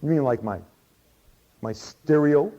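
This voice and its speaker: A man's voice: on the high side, measured pace, warm tone, natural voice. A man voicing an eager, folksy everyman buyer who talks in a casual, drawling way. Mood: pleading. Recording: dull lo-fi recording.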